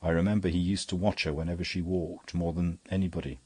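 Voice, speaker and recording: A man voicing a rough male army captain who talks huskily and bluntly. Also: sits low, flat delivery, quick pace, dry recording. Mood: grieving. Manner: husky and sharp.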